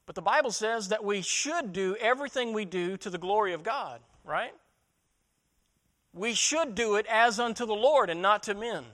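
A man's voice: sits high, sharp tone. A man preaching a sermon as pastor, asking rhetorical questions, repeating words as he restarts, and building to emphatic peaks.

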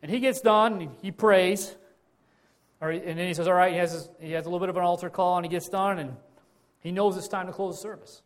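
A male pastor preaching in a loose, conversational storytelling manner. His voice sits a little higher than most men's, and he often repeats and restarts phrases as he goes. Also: fairly even intonation, a little fast. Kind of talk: sermon.

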